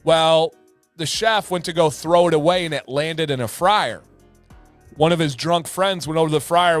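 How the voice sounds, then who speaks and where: A man hosting a livestream in casual chat, energetic and talkative, often repeating words for emphasis. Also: a little high, fairly quick, faint music behind. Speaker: livestream host.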